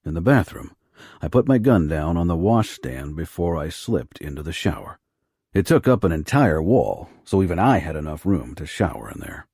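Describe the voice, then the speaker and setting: A man narrating a first-person romance audiobook in a low, rough, hushed delivery. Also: very animated, moderate pace, no echo, clean studio sound.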